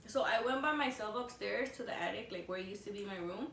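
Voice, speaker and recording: A young woman co-hosting a vlog tells a story casually over a meal, rambling with constant "like" fillers and switching languages mid-sentence. She talks fast in a medium-pitched, fairly bright voice with vocal fry. The audio comes from a distant mic in an echoey room, with faint noise.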